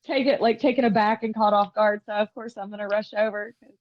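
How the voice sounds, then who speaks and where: A woman playing a tabletop game, earnestly explaining how her character rushes in. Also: mid-range voice, fairly even intonation, highs cut off. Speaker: player. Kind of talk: casual tabletop play.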